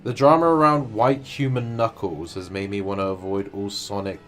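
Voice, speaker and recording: A man's voice: on the low side, fairly even intonation, normal speed, a little hiss or hum. A man hosting a stream, chatting casually and telling anecdotes in a wry way. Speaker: streamer host. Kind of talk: casual chat.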